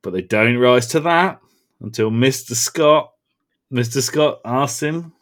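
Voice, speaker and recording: A man's voice: mid-range voice, slow, a bit bright. A man in casual podcast chat, enthusiastically quoting favourite lines and laughing along. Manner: enthusiastic, quotes lines with relish. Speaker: podcast co-host.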